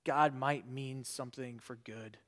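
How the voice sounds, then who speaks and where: A man preaching a sermon in an earnest way. He swings between loud emphasis and quiet, trailing phrases, and he repeats words when he restarts. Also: medium pitch, steady tone, a little slow. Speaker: pastor.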